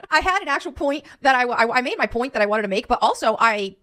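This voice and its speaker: A woman's voice: a little high, expressive, quick pace, fairly bright tone. A woman talking casually in a defiant, offhand way. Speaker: online creator. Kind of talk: casual chat.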